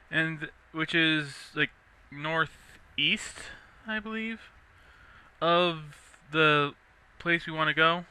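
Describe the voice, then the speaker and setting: A young man casually rambling through gameplay commentary, chatty and quick to laugh. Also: a little high, sharp tone, clean tone. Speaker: let's play host.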